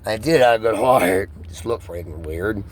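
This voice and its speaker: A man in a rambling, profane solo monologue, his pitch swinging between high and low. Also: expressive, moderate pace. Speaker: vlogger.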